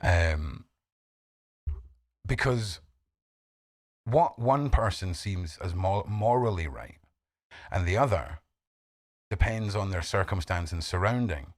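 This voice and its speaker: This low-pitched, expressive streamer takes it slowly and pauses often while greeting viewers by name. He's blunt and swears freely, captured in clean, echo-free studio sound over faint music.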